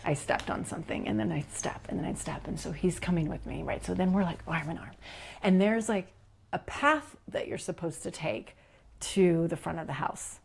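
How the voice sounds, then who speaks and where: Woman telling a story, giggly and animated. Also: lowish voice, normal speed, vocal fry, breathy edge. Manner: animated storytelling, giggly, acts out quotes, drops to whispers. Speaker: leadership coach, guest. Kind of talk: personal storytelling in a podcast interview.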